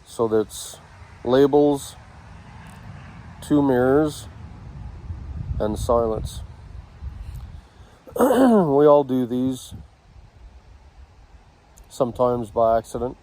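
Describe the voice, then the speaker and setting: A man teaching communication techniques, speaking in short halting phrases with pauses between them. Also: mid-range voice, mellow, low-quality recording. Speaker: communication instructor. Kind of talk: slow instructional talk.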